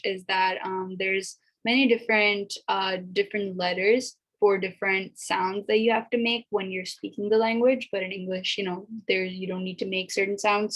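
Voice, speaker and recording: A woman giving a casual spoken language lesson, chatty and repeating each sound slowly for learners to copy. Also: mid-range voice, low-quality recording. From America. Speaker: language teacher.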